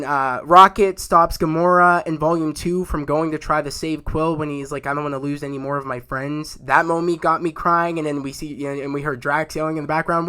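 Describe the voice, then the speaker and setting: Excitable young man rambling about a show. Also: on the high side, clean tone. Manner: rambling and excitable, many fillers and restarts. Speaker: YouTube show reviewer. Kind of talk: casual spoken review.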